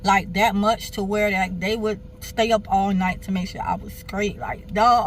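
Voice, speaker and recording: A woman's voice: medium pitch, measured pace, hardly any pauses, noisy background. Candid woman telling a personal story. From Miami, Florida. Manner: animated, candid, swears freely, keeps addressing viewers. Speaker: vlogger.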